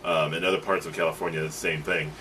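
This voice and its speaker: A man's voice: extremely low pitch, level tone, fast, bright, forceful tone, slight background noise. A man co-hosting a casual chat over drinks, talking in an easygoing, hesitant way with many fillers. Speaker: co-host.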